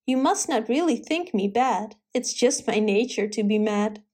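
A woman's voice: a little high, expressive, a little slow, a little mellow, slightly rough. A woman voicing a wild, roaring male March hare who speaks in rhyme. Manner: rhyming, boisterous.

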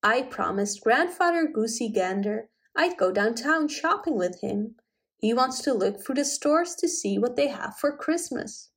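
A woman voicing a kindly old rabbit gentleman. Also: a little high, animated, a little slow, slightly rough, exaggerated voice. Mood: cheerful. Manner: gentle storybook reading.

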